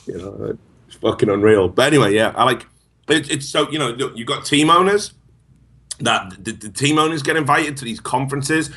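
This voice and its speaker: A man's voice: mid-range voice, lively intonation, normal speed, a bit bright, breathy edge. A man co-hosting a talk show, ranting heatedly in casual, profane banter. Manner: heated, swearing rant. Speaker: podcast co-host.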